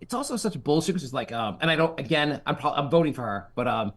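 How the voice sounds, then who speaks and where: A man's voice: a little high, fast talker. A middle-aged man hosting a casual comedy podcast, telling stories and acting out the voices of people he quotes. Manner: animated, acts out quoted voices. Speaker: podcast host.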